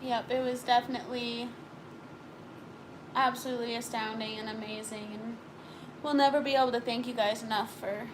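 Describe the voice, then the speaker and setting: A woman's voice: on the high side, steady tone, moderate pace, pauses often, noisy background. A young woman co-hosting a casual live stream, chatting sleepily and reading viewer comments aloud.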